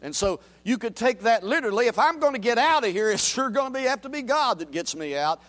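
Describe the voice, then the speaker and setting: A man preaching a sermon with a high voice and a very lively, animated pitch. He drops to quiet murmurs, then climbs to loud, ringing declarations as he reads scripture aloud. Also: quick pace. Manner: reads scripture aloud and asks the congregation to repeat. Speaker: pastor.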